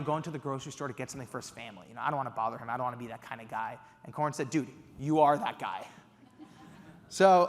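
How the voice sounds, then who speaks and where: A young man giving a keynote speech, telling an animated story with excited quoted outbursts. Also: fairly high pitch. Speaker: keynote speaker. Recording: reverberant hall.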